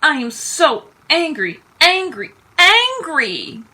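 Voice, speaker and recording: A small boy who gets upset easily, high and loud in a childish way, as a woman reading a storybook puts him on. The voice is bright and forceful. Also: big pitch swings, normal speed, slightly rough, heavily acted. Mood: furious.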